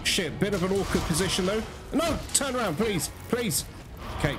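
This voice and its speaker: Male gameplay commentator, high animated voice, excitable and profane, addresses viewers directly. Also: moderate pace. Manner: excitable, swears often, talks to viewers as guys. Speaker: gaming YouTuber. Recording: loud game music behind the voice. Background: loud game music.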